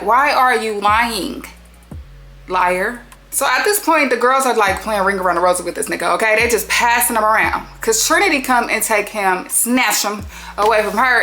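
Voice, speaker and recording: A woman hosting a reality show recap, talking in an animated, sassy way full of slang and swearing. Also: mid-range voice, brisk, faint music behind. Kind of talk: casual TV recap commentary.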